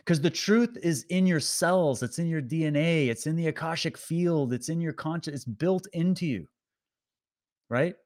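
A man's voice: fairly high pitch, moderate pace, darkish tone. A man delivering an impassioned, preachy motivational monologue to his audience, urging and exhorting them. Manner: preachy, exhorting, rising to emphatic peaks. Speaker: online commentator.

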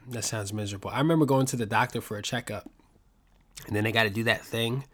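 A man in his thirties hosting a podcast, talking in a casual, rambling comedic monologue with lots of swearing and animated asides. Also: mid-range voice, fast talker. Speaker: podcast host.

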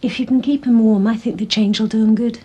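An actress playing a young doctor who talks with dry sarcasm. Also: female voice, fairly high pitch, fairly even intonation, fast talker, mellow, husky, highs cut off. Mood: professional. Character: dry-witted young woman doctor, a constable's wife.

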